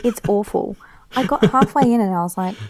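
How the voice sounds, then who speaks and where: A woman's voice: medium pitch, fairly quick. A woman co-hosting a podcast, ranting bluntly and with exasperation in casual chat. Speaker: podcast co-host.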